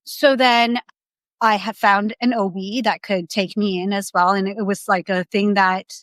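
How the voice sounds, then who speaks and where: A woman's voice: mid-range voice, steady tone, measured pace, a bit bright, dry recording. A young adult woman as a podcast guest, telling her story candidly in a rambling, casual way with many restarts.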